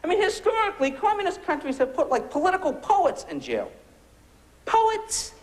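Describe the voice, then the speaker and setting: Wildly swooping and very high-pitched, the voice belongs to a fast-talking male comedian from the US. On a comedy club stage, he delivers a cutting, sarcastic set full of punchy rhetorical questions as the audience laughs.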